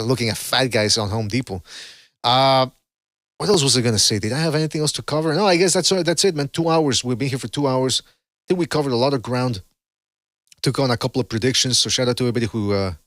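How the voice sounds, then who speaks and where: A man's voice: medium pitch, fairly bright tone, no echo. Rambling, blunt male boxing host. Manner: rambling, blunt and profane, with many fillers. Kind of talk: casual call-in show commentary.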